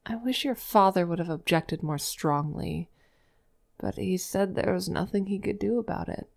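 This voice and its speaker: A woman's voice: mid-range voice, moderate pace, gravelly, a little mellow, natural voice. A woman voicing a worried, weary mother in a fan game dub, sighing and apologetic.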